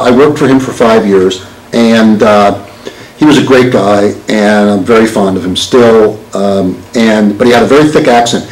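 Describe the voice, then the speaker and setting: A man in his sixties, a lawyer giving a live talk, joking and quizzing the audience. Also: medium pitch. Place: meeting hall with an audience. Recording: roomy hall with faint noise.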